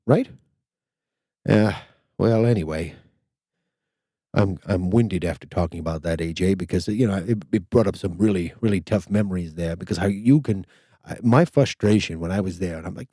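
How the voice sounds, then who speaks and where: Older guy hosting a podcast, deep voice, dry close sound, keeps restarting words. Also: animated, normal speed, warm tone, husky, dry recording. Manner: rambling, stammers and restarts a lot. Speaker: podcast host. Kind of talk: casual storytelling chat.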